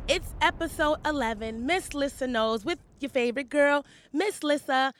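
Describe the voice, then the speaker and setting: A woman's voice: high-pitched, normal speed, hardly any pauses, no echo, clean studio sound. A woman in her thirties hosting her own podcast, chatting casually and upbeat. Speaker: podcast host. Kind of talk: casual chat.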